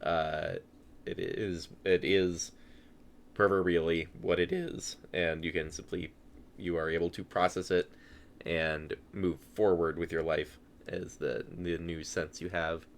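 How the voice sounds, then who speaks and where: A man narrating as game master of a tabletop game. His voice sits somewhat low, and he talks in a relaxed way, chuckling often and filling pauses with ums. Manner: relaxed, chuckling, many fillers.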